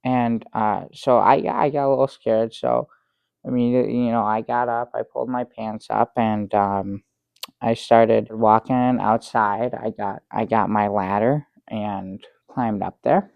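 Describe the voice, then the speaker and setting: An actor playing a bumbling middle-aged guest who rambles through a tall tale with many restarts, in improvised sketch comedy. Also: male voice, on the low side, fairly even intonation, a little slow, creaky, no room sound, phone-quality sound. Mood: dry, halting. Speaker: guest on a comedy talk show.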